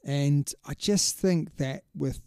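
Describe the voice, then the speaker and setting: A man's voice: fairly high pitch, slow, darkish tone, clean tone, dry recording, clean studio sound. A man co-hosting a sports podcast in casual chat. He is opinionated and chatty and keeps calling his co-host "mate".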